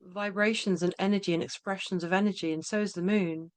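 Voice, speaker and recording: A woman hosting a podcast, talking in a casual, halting way with frequent restarts and tag questions. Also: mid-range voice, fairly even intonation. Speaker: podcast host. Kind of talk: casual conversational interview.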